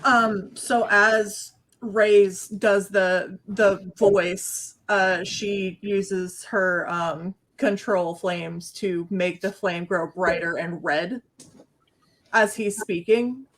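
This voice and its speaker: A woman's voice: medium pitch, fairly even intonation, extremely slow. A woman playing a tabletop game, hesitant as she describes her character's action. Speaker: player.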